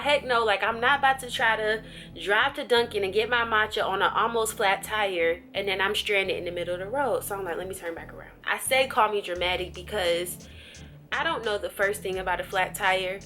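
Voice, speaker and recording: Bright-voiced woman vlogger telling a story. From USA. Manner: animated, jumps high in pitch when acting out her own thoughts. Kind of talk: casual vlog storytelling.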